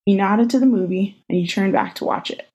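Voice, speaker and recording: A woman co-hosting a podcast over a video call, reading a fan story aloud in an even, unhurried way. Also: mid-range voice, husky, rough recording. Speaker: podcast co-host.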